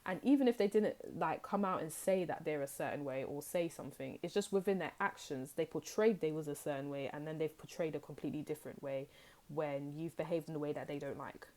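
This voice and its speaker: A woman's voice: deep voice, fairly quick, a little mellow. A young woman gives a casual tarot reading. She talks in a chatty, rambling way and acts out people's reactions. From United Kingdom. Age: young adult. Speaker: tarot reader.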